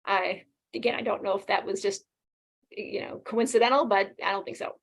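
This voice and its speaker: A woman in her fifties, a guest talking casually and quickly in an interview, animated and laughing often. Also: medium pitch, gravelly. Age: 50s. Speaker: guest sharing her experience.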